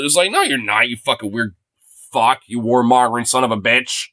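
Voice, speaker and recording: A man streaming casual commentary on political clips, excitable and crude, laughing often and breaking into shouts. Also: medium pitch, normal speed, long pauses, dry recording. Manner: crude, swears constantly.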